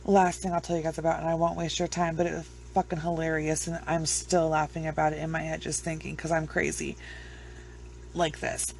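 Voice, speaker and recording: A woman's voice: sits low, little pitch movement, brisk, vocal fry, darkish tone, a little hiss or hum. A woman with children chatting casually to her viewers, rambling, blunt and swearing freely. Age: adult with children. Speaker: true crime vlogger. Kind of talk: casual chat to camera.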